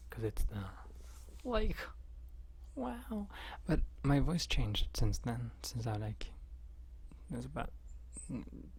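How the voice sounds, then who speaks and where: A man's voice: medium pitch, husky. A man in a whispered ASMR live stream chat, rambling in dry, joking asides close to the mic.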